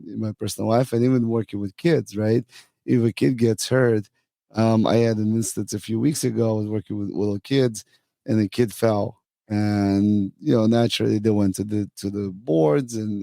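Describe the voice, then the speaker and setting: Man, gravelly voice, low pitch, dark tone, dry close sound, reflective host. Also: dry recording. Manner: reflective, tells stories from coaching kids. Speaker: podcast host and youth hockey coach. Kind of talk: conversational podcast interview.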